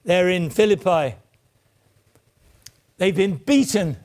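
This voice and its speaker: A man's voice: sits high, very animated, slow pace, a little mellow. A man preaching a sermon in an earnest voice that swells and then sinks almost to a whisper. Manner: earnest, rises and falls, drops to near whispers.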